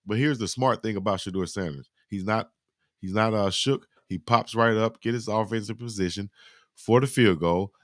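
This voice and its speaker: Low-voiced man reacting to football. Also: moderate pace, no room sound, clean studio sound. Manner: animated slangy play-by-play, talks to chat. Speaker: sports reaction host. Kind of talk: live football highlight reaction.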